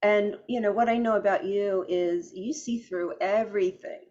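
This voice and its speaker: A woman hosting an interview, speaking in a steady, affirming, reflective way. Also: mid-range voice, normal speed, lo-fi sound. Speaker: podcast host. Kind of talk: conversational interview.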